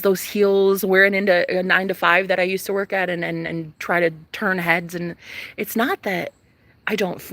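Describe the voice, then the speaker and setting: A woman in her thirties, a vlogger, ranting casually to her viewers, animated and profane, jumping from loud outbursts to whispers. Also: fairly low pitch, creaky. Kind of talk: casual rant to camera.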